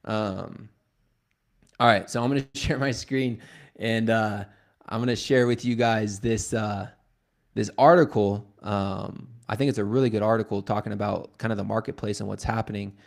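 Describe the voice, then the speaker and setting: A man's voice: fairly low pitch, steady tone, moderate pace, vocal fry. Joking man on a casual livestream. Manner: joking, retells calls in quoted voices. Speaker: real estate team leader.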